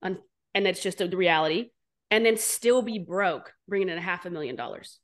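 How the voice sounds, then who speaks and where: A woman entrepreneur being interviewed, telling her story candidly and bluntly, animated and swearing freely. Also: on the low side, brisk. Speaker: entrepreneur guest.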